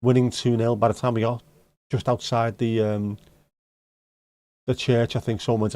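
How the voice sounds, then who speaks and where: A man's voice: medium pitch, level tone, normal speed, pauses often, dark tone. Sweary Scouse man on a livestream. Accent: Liverpool (Scouse). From Liverpool, England. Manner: blunt, sweary banter with dry jokes. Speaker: livestream host. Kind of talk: casual chat answering viewer comments. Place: home livestream setup.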